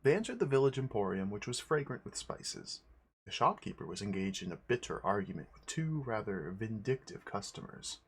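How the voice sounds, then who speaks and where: A man's voice: fairly low pitch, sing-song, normal speed, slightly rough. A man streaming, casually reading a fantasy game manual aloud to viewers.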